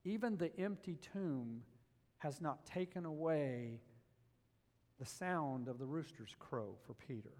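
A man preaching a sermon, climbing to loud emphatic peaks and dropping to quiet, low passages. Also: animated, a little slow, big-room sound. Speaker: pastor.

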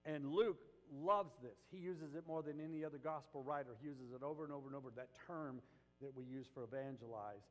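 A man's voice: medium pitch, fairly quick, big-room sound, poor audio. A man preaching a sermon as pastor, impassioned, rising to emphatic peaks and acting out the voices he quotes.

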